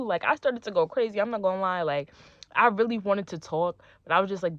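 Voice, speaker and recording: A young woman telling a personal story in casual, slangy storytime style, acting out what people said with sudden jumps in pitch. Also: fairly quick, dry recording, muffled recording. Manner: animated, slangy, acts out dialogue with big pitch jumps. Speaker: storytime vlogger.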